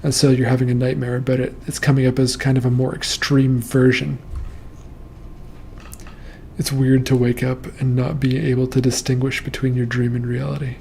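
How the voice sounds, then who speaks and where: Gravelly, flat-voiced man, calm and measured. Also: mid-range voice, slight background noise. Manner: calm, measured, reassuring explanations. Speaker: host reading and interpreting nightmares. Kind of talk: casual commentary on listener dream posts.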